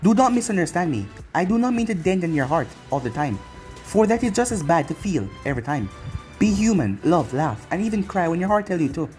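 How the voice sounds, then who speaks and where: A protective ninja mother, firm and caring, lecturing her son in quick, earnest lines, as a reader puts her on. Her voice stays close to the storybook narration. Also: mid-range voice, very animated, darkish tone, soft background music, lightly acted.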